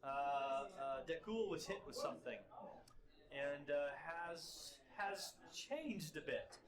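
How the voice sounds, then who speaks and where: A man's voice: on the high side, animated, takes it slowly, reverberant, crowd noise. A man voicing an earnest, blustery male dwarf who stammers and insists. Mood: explaining.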